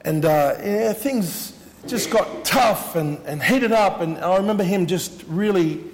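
A man's voice: high voice, measured pace, long reverb tail, a little hiss or hum. A man preaching a sermon as he shares his testimony, earnest and repeating his words for emphasis.

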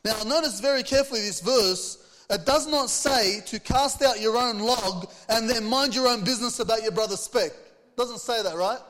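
A man's voice: extremely high pitch, moderate pace, fairly bright tone, long reverb tail. A man preaching a sermon, reading scripture aloud and putting earnest rhetorical questions to the congregation. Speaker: pastor.

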